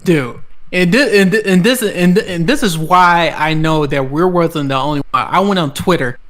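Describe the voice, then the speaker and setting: A man hosting a gaming podcast, telling stories in an excitable, casual way, swearing and laughing often. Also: on the high side, normal speed. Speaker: podcast host. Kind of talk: casual chat.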